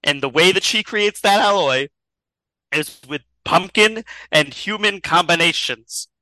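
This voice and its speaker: Bright-voiced rambling storyteller man. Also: high voice, unhurried, no room sound, low-quality recording. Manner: rambling, chuckles through the story. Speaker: storyteller, podcast host. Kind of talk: improvised comedic storytelling.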